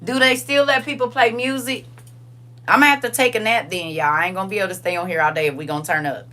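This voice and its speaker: An older woman talks casually with her livestream viewers in a bright, forceful voice. She is chatty and emphatic, repeats her phrases, and reads comments out loud as she goes. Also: medium pitch, steady tone, quick pace. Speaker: livestream host.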